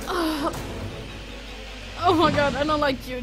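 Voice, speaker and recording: Over music, a gaming streamer with a high-pitched voice speaks slowly while panicking through a horror game let's play, swearing and muttering to herself along the way.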